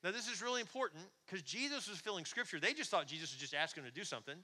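A male pastor delivering a lively, conversational sermon. His voice is very bright and sits a little high. It carries through the long reverb of a large church hall. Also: rapid-fire. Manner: conversational, animated, asks the congregation questions.

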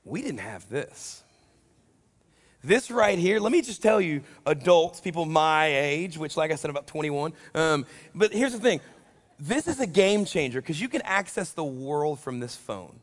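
A man giving a sermon as a youth pastor, animated and full of jokes, acting out the voices he quotes. His voice sits fairly high, and a long reverb trails each line in a large church hall. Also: measured pace. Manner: animated, joking, acts out quotes.

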